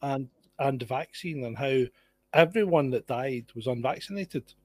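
A man's voice: mid-range voice, lively intonation, unhurried, darkish tone, no room sound. A Scottish man chatting casually over a video call, laid-back and wry, swearing now and then. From Scotland. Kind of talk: casual online chat.

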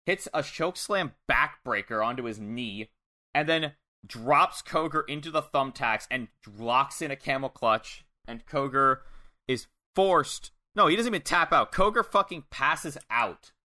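Blunt, enthusiastic man with a bright voice. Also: mid-range voice, expressive, measured pace. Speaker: podcast co-host. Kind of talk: casual chat. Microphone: studio microphone.

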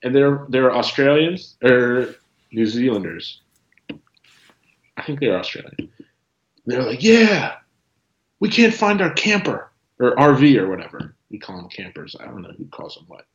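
A man's voice: medium pitch, moderate pace, pauses often. A man telling a travel story in casual chat, talking loosely with lots of "like" and chuckling as he goes. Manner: chatty, says "like" often, laughs while telling. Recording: roomy, slightly dull sound.

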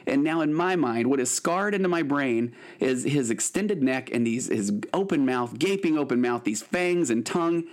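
A man's voice: medium pitch, moderate pace, hardly any pauses. A man in his late forties, a therapist hosting his own podcast, telling a story casually with lots of restarts and fillers. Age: 40s. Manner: animated, rambling with frequent restarts and fillers.

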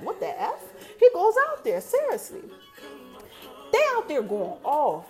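Casting note: high-pitched woman, podcast host, animated casual recap talk, faint music bed. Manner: animated storytelling, quoting characters, addresses listeners as y'all.

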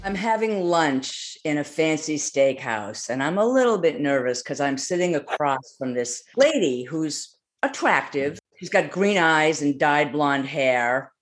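A man's voice: on the high side, animated, unhurried, a bit bright, soft background music. A man telling a personal story in a wry, detailed, conversational way. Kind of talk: personal story told on stage.

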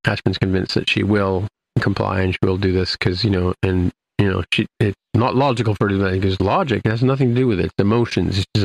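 Man, very deep voice, gravelly, rambling casual recap, lots of ums and restarts. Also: steady tone, fast talker. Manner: rambling, many fillers and restarts. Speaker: podcast host recapping an episode. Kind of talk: casual chat.

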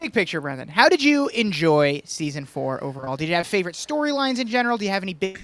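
A man's voice: high-pitched, fast. A man co-hosting a podcast, telling a story in casual chat and chuckling as he goes. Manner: chuckling, animated anecdote-telling. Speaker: podcast co-host.

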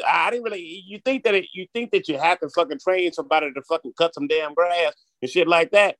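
A man's voice: a little high, brisk, hardly any pauses, fairly bright tone, no room sound. A man telling rambling, profane stories as an interview guest, repeating himself as he goes. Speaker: guest, gardening business owner. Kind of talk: comic interview banter.

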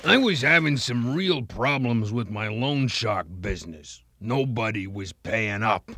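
An actor playing a gruff loan shark in a spoof radio ad, talking tough with broken grammar. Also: male voice, lowish voice, animated, unhurried, bright, forceful tone, dry recording, studio quality, heavily acted. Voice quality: gravelly, ungrammatical tough-guy talk. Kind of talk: comedy radio ad.

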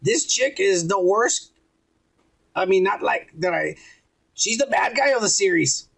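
Husky high-voiced man ranting through a recap. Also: animated, unhurried, fairly bright tone. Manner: profane, rambling retelling with acted-out quotes. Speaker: podcast host. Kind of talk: casual recap of a TV episode.

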